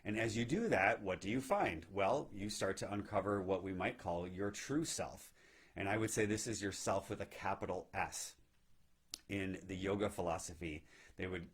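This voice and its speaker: A man giving a gentle, reflective spiritual teaching talk on meditation, often checking in with "right?". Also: low-pitched, slightly rough. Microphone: live video stream.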